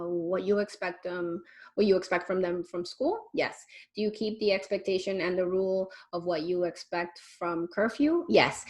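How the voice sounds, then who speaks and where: A woman in her forties, a parenting educator, giving an online lecture in a lively, conversational way and addressing parents directly with rhetorical questions. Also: medium pitch. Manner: animated, speaks straight to parents with rhetorical questions; conversational, with fillers and restarts.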